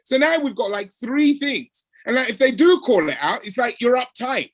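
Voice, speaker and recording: A man's voice: very high voice, moderate pace, no echo. A man talking conversationally about workplace experiences, acting out the exchanges he describes. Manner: animated, acts out quoted exchanges. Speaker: speaker on code switching. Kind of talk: conversational talk.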